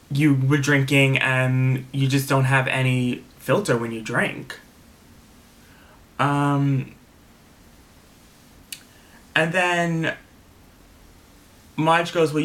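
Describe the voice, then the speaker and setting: A man's voice: mid-range voice, pushed and bright. A man casually recapping a reality TV episode, candid and opinionated, swearing freely and repeating himself for emphasis.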